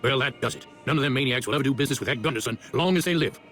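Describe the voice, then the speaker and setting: An actor playing a gruff, folksy business owner and worried father who speaks bluntly, in a game. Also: medium pitch, racing, fairly bright tone, soft background music, lightly acted. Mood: angry. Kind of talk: video game voice acting.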